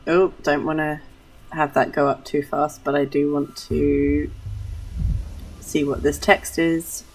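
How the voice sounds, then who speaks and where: Low-voiced woman musing over a game. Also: little pitch movement, slow, a little mellow, recorded from a distance, slight background noise, low-quality recording. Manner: rambling, musing, self-deprecating. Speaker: game streamer. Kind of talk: casual gameplay commentary.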